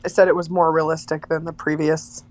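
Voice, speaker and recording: A woman's voice: sits low, flat delivery, a little fast. A woman co-hosting a podcast in casual chat, with dry, sarcastic humor. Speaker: podcast co-host.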